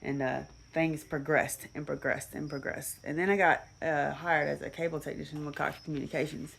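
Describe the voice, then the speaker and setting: Low-voiced woman telling a rambling story. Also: fairly even intonation, normal speed, creaky, fairly bright tone, breathy edge. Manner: rambling, with frequent fillers and restarts. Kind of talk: casual personal storytelling.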